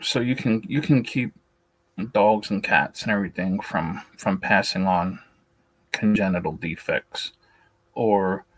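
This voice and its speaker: A man's voice: lowish voice, a little slow, fairly bright tone, no echo, low-quality recording. A man hosting a beekeeping talk stream, blunt and opinionated, speaking with a shaky voice and often restarting his sentences. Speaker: beekeeping channel host. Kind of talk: casual livestream talk, reading and answering a list.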